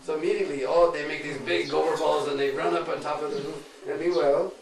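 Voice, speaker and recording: A man guiding a pilgrimage, telling devotional stories in an animated, laughing way with teasing asides. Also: fairly high pitch, fast talker, gravelly. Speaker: pilgrimage guide and storyteller. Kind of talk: devotional storytelling sermon. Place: outdoor pilgrimage group. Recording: distant echoey recording with crowd.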